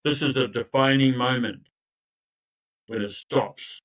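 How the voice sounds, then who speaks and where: An older male recovery coach takes his time, his mid-range voice steady and a bit bright. He tells his own story conversationally, earnest and emphatic with frequent restarts and asides, on a low-quality recording.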